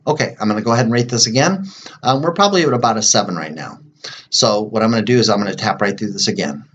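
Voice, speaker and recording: A man with a fairly low voice talks through a tapping routine, explaining each step slowly and plainly with frequent fillers. Now and then he drops to a soft murmur while repeating phrases. The recording sounds dull and lo-fi. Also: animated, slight background noise. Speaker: EFT tapping practitioner. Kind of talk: demonstrating a tapping routine to camera.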